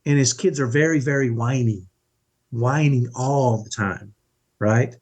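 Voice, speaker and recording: A man's voice: mid-range voice, measured pace, darkish tone. A middle-aged man speaking as a podcast guest in an earnest, emphatic way, often checking in with "right?". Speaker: podcast guest, parenting coach. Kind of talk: conversational interview.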